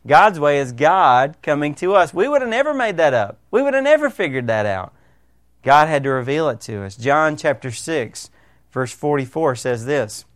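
Emphatic male pastor, smooth voice. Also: fairly high pitch, sing-song, normal speed, no room sound, clean studio sound. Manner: emphatic, asks rhetorical questions of listeners. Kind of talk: sermon.

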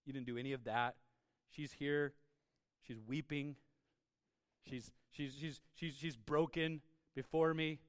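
A man voicing a calm, gentle male religious teacher telling a parable, speaking softly and low. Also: unhurried, long pauses, clean tone, no room sound, studio quality, close to an everyday voice. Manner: soft, low, hushed storytelling.

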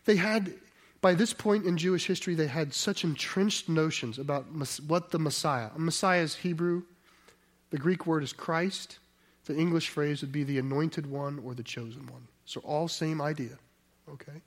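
A man's voice: on the high side, normal speed. A man preaching a conversational sermon, often asking his listeners rhetorical questions and restarting his sentences. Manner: restarts and self-corrections mid-sentence.

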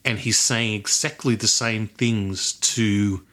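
A man's voice: fairly low pitch, steady tone, takes it slowly, sharp tone. A man hosting a film podcast, chatting casually, rambling and laughing easily. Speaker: podcast host.

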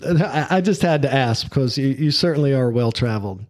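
A man's voice: mid-range voice, expressive, fairly quick, darkish tone, no room sound, studio quality. Southern man hosting a podcast. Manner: friendly, chatty, with laughs. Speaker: podcast host. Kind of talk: casual podcast interview.

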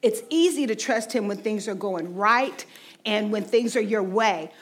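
A woman in her forties tells a faith testimony in a loose, chatty manner. Her voice sits at a middling pitch. She peppers her story with "you know". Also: a little slow. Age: 40s. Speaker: ministry team speaker.

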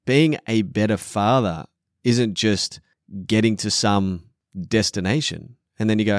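A man's voice: lowish voice, unhurried, dry recording, studio quality. A middle-aged man on a podcast, speaking bluntly and emphatically, swearing often and acting out quoted voices. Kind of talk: podcast conversation.

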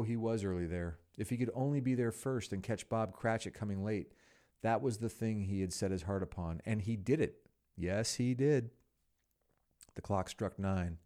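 A man narrating a classic story as a podcast host, expressive with wry asides. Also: lowish voice.

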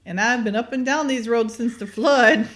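A woman's voice: on the high side, moderate pace, fairly bright tone, natural voice. A woman voicing a gung-ho burly male trucker, brash and drawling, close to her own voice.

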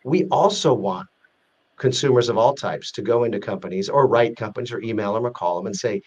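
A man's voice: fairly low pitch, a little fast. Man, interview guest, earnest explainer, restarts often, muffled lo-fi sound. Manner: earnest, explanatory, with frequent restarts and acted-out example quotes. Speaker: guest explaining a corporate risk rating database. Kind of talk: casual interview talk.

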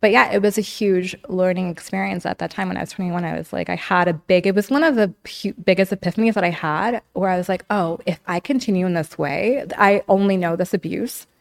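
A woman's voice: lowish voice, a little fast, gravelly, hardly any pauses. A young adult woman, a podcast guest, candidly telling her story in casual talk, often saying "like" and "you know". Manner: frequent "like" and "you know", reenacts quotes.

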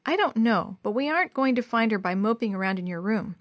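A woman's voice: on the high side, animated, quick pace, dry recording, studio quality, close to an everyday voice. Woman doing a chirpy schoolgirl sleuth. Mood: eager. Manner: upbeat, chirpy. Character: eager, bossy young schoolgirl sleuth.

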